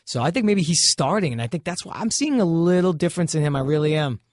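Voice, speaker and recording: A man's voice: on the high side, lively intonation, fast, darkish tone, no room sound, studio quality. A man in his thirties from Brooklyn with a New York accent, an actor chatting candidly in an interview, often restarting his sentences. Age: 30s. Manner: candid, storytelling, frequent restarts. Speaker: actor guest. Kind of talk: casual interview chat.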